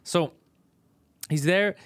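A man casually telling a story on a podcast, fast, profane and animated. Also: high voice, dry recording. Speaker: podcast host, comedian.

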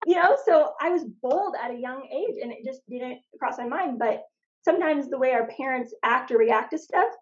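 A woman's voice: sits high, moderate pace. Chatty woman guest, slightly muffled audio. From Phoenix, Arizona. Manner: animated storyteller, lots of "like" and restarts. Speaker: podcast guest. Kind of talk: casual faith podcast conversation.

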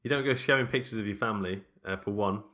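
Guy chatting about a movie, bright lowish voice, laughs a lot. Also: fast talker. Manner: chatty, laughs often, restarts mid-sentence. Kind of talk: casual film chat.

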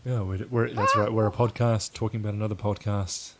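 A man's voice: fairly low pitch, flat delivery, a little fast, fairly bright tone. A man co-hosting a podcast in casual chat, rambling loosely and laughing often. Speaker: podcast co-host. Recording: faint hiss.

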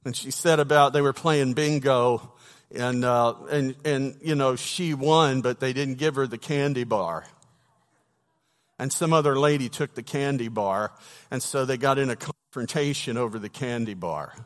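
Folksy preacher in a reverberant church. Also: male voice, medium pitch, normal speed. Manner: folksy storytelling with humor, asides to the congregation. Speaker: pastor. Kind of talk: sermon. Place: church sanctuary. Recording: long reverb of a church hall.

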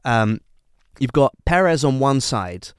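A man's voice: medium pitch, expressive, a little slow, clean tone, no room sound, studio quality. A man co-hosting a casual podcast, rambling through comic bits and swearing often. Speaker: podcast co-host. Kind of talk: casual chat.

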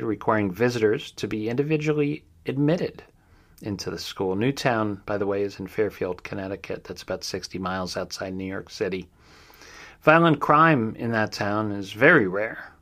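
A man's voice: fairly low pitch, normal speed, a bit bright. A middle-aged man hosting a true crime recap, speaking somberly and steadily with fillers and personal asides. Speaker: podcast host.

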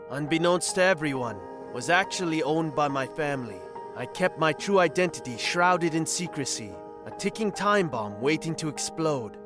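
A man narrating a scripted first-person story in an even, measured way. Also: a little high.

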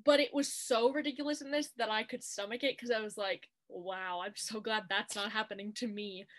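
A woman's voice: medium pitch, steady tone, brisk, a bit bright. A woman co-hosting a podcast, chatting casually and animatedly as she recaps a TV movie and quotes its scenes in playful voices. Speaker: podcast co-host.

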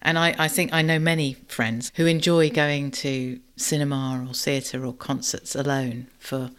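Female podcast co-host, reflective and warm, conversational. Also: extremely low pitch, fairly even intonation, unhurried, smooth. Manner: thoughtful, warm, ends points with tag questions.

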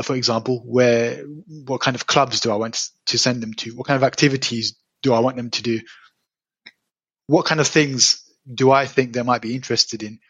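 A man's voice: medium pitch, fairly bright tone, dry recording. A man speaking as a guest in a casual podcast chat, thoughtful and a little hesitant, often repeating words as he starts.

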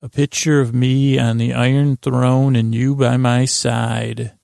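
A scheming, persuasive male lord with a heavily gravelly voice, read out by a man. His delivery stays flat and measured. The sound is dry and close to the mic. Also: mid-range voice, dry recording.

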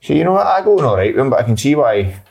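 Scottish ex-footballer, lively swinging intonation, casual recollection. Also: male voice, mid-range voice, very fast, gravelly. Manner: animated, reminiscing. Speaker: former footballer. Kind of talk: casual chat.

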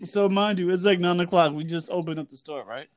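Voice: mid-range voice, fairly quick, crowd noise. A podcast host telling a funny work story in casual chat, laughing through it and talking in slang.

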